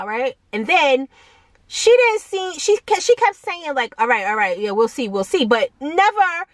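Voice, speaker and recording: A young adult woman tells a personal story straight to camera in a casual vlog, chatty and animated, with lots of fillers and asides to her viewers. Her voice sits somewhat high, and the sound is dry and close, with little room in it. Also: measured pace, no room sound. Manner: animated storytelling, acts out quoted voices in a higher pitch. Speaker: vlogger.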